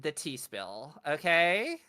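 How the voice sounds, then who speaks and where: A game master voicing a bubbly female dryad tea-party hostess with an open, melodic voice and drawn-out, gushing exclamations. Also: medium pitch, big pitch swings, sharp tone, dry recording, exaggerated voice.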